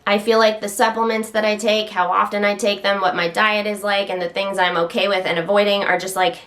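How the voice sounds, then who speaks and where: A woman's voice: medium pitch, little pitch movement, brisk, a bit bright. A woman casually chatting to the camera at home while standing, slightly out of breath, rambling and interrupting herself with occasional stutters. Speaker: health vlogger.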